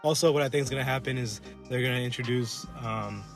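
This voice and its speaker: A man co-hosting a casual podcast, rambling and swearing as he riffs and acts out characters in quick asides. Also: medium pitch, faint music behind. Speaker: podcast co-host. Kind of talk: casual chat. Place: collectibles shop.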